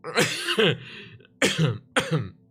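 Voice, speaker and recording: Speaking very slowly with huge pitch swings, a British man with a slightly high voice chats crudely on a livestream, rambling and cutting himself off. His delivery is pushed and bright, with a breathy edge.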